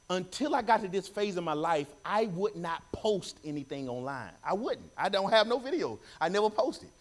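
A man preaching a sermon in church, animated, repeating phrases and calling for responses from the congregation. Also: sits high.

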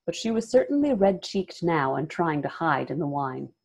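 Low-voiced woman reading a novel aloud. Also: sing-song, moderate pace, vocal fry, a little mellow. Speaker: reader.

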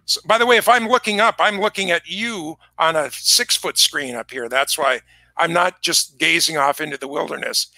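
A chatty man hosting an online concert pre-show with a high, gravelly voice that is bright and sharp. He rambles from story to story in easy conversation, recorded dry with little room sound. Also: normal speed, no room sound. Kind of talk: casual chat. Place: music shop.

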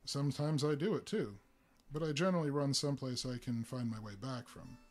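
A man doing a quiet, gentle bartender. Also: mid-range voice, fairly quick, natural voice.

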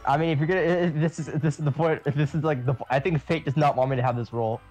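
A man's voice: on the high side, fairly even intonation, fast, over loud music. A man in a group let's play, joking in mock-wounded casual chat.

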